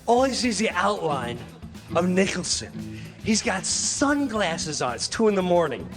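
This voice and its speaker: A man telling a funny anecdote on stage, animated and quick, dropping into impressions. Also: high voice, over music. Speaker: comedian. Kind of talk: storytelling on stage.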